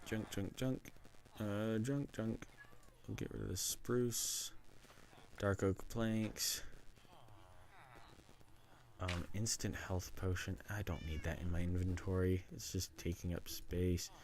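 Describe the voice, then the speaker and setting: A man's voice: low-pitched, level tone, takes it slowly, gravelly, long pauses, background noise. A man streaming himself playing a game, casually narrating what he does and chatting to the animals in it. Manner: rambling self-narration, chatting to pets. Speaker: livestreamer. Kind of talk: casual gameplay commentary.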